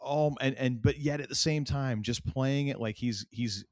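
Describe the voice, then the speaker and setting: A middle-aged man from New England co-hosts a podcast, speaking in a mid-range voice at normal speed. The studio sound is clean with no echo, and his relaxed, rambling conversation is packed with fillers and restarts.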